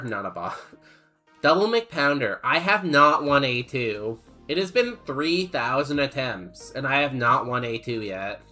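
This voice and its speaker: Young guy streaming, slow easygoing chat, bright voice, faint music behind. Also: mid-range voice. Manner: laid-back, rambling, reads chat aloud. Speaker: game streamer. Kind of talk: casual livestream chat.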